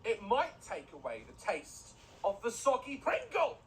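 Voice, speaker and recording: A man's voice: sits high, huge pitch swings, measured pace, fairly bright tone, a little hiss or hum, rough recording. Sarcastic man ranting. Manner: mocking, ranting, exasperated. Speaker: gaming streamer. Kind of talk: sarcastic reaction commentary.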